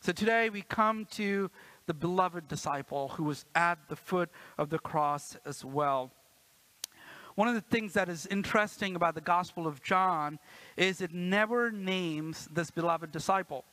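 A man in his thirties delivers a sermon with a bright, ringing tone and a fairly high voice. He keeps it conversational and playful, checking in with the congregation as he goes. The sound is close and dry. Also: measured pace, no room sound, low-quality recording. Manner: playful, acts out quotes with a raised voice. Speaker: pastor. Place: church.

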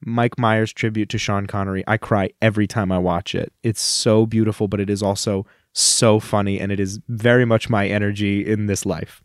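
A man's voice: fairly low pitch, flat delivery, moderate pace, few pauses, no echo, studio quality. A man co-hosting a podcast in casual chat, gushing and rambling with many fillers, choked up and tearful. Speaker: podcast co-host.

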